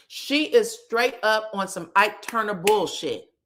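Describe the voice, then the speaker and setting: Speaking slowly at a medium pitch, this woman gives a laid-back gossip rundown of a reality show. She animatedly performs the cast members' quotes, swearing openly as she goes.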